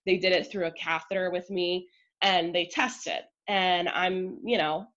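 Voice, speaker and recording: A woman guest on a podcast, telling a personal story in an emotional, chatty way full of "like" and quick asides. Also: fairly low pitch, fairly even intonation, fairly bright tone, dull audio.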